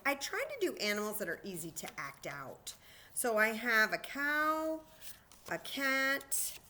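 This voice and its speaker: A woman leads a children's story time, explaining a simple game to young listeners. Her voice is bright and of middle pitch. She talks slowly and simply, with animated energy.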